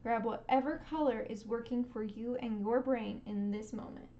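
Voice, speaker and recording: A woman with a slightly high voice and fairly even intonation speaks at normal speed while streaming a live painting lesson. She gently encourages viewers and makes playful sound effects as she paints. The sound is lo-fi.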